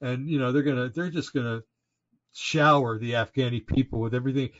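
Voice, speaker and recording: A man's voice: medium pitch, steady tone, a little fast, fairly bright tone. A man co-hosting a casual political talk show, ranting indignantly with many fillers and restarts. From Oregon, United States. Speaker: podcast co-host. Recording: slightly dull lo-fi audio.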